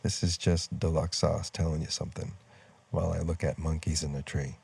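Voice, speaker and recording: A man's voice: rumbling low, level tone, a little fast, gravelly, a little mellow, slightly rough. A middle-aged man telling a personal story outdoors in a loose, rambling way, full of fillers and side tracks. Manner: rambling, loses his train of thought, many fillers. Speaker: storyteller vlogger. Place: outdoors near trees.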